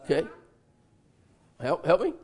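An older male pastor delivers a sermon in a high, gravelly voice. He draws words out of the congregation and repeats them back. He slips into folksy stories with a chuckle. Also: wildly swooping pitch, a little slow, a little mellow. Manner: interactive, asks congregation and repeats answers; folksy storytelling with laughs.

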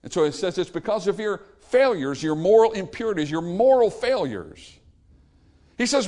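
Male pastor, emphatic sermon delivery, voice pitched high and bright. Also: big pitch swings, moderate pace. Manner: emphatic, repetitive preaching cadence.

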